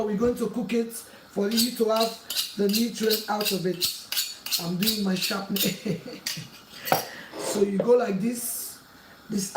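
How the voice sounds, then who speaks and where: This cooking channel host speaks in a mid-range voice, her earnest warnings and pleas repeated as she cooks through a home tutorial. The kitchen is echoey with clattering pots, a far-off mic, and background noise.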